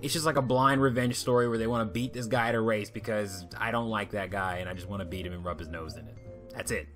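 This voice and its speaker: A man's voice: fairly low pitch, fairly even intonation, fast talker, music in the background. A young man casually reviewing a cartoon episode, rambling, swearing freely and laughing at his own jokes.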